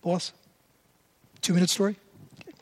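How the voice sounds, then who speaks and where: A man's voice: sits high, little pitch movement, normal speed. A man in his seventies preaching a sermon, telling stories in a conversational way and acting out quoted lines. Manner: conversational storytelling, voices quotes animatedly.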